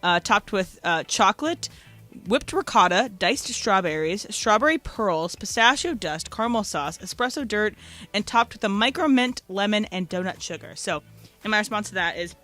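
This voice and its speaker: A woman co-hosting a sports radio show, leading segments in jokey, animated studio banter. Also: mid-range voice, normal speed, soft background music.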